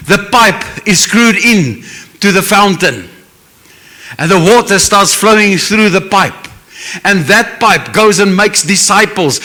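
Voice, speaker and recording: A man's voice: high-pitched, bright, forceful tone. A man with a South African English accent preaching a sermon as pastor, earnest and emotional, with Afrikaans phrases mixed in.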